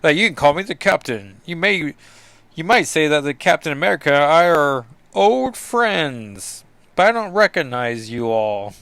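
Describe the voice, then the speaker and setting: A man's voice: fairly high pitch, animated, moderate pace, a bit bright, dry recording. A man voicing a seasoned male hero who is cagey and breezy.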